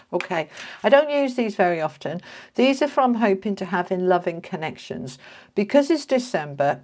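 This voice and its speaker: A woman's voice: sits low, a little mellow. A woman giving a casual, chatty tarot reading to camera, talking to her viewers like friends. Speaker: tarot reader.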